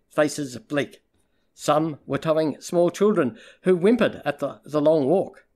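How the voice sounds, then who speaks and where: A man narrating a crime novel audiobook in a steady, even storytelling manner. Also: a little high. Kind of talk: scripted narration.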